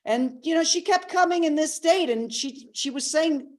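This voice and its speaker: High-voiced woman teaching a live masterclass. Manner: expressive teacher, acts out quotes, slows for key words. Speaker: personal development coach.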